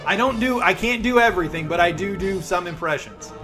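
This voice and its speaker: A man streaming live, chatting fast and casually with his viewers and reading their messages aloud. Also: high-pitched, expressive. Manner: chatty, fast-talking, reads chat aloud. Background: background music.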